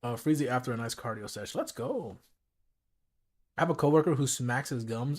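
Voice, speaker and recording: A man in the middle of a late-night streaming session at home, talking to his chat between bites in easy slang. His voice sits at an ordinary middle pitch, neither high nor low. The sound is close and clean, picked up by a streaming mic with a noise gate. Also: fast talker. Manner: relaxed slangy chat, talking while eating. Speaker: livestreamer. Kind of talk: casual just-chatting livestream. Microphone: streaming mic with noise gate and filters.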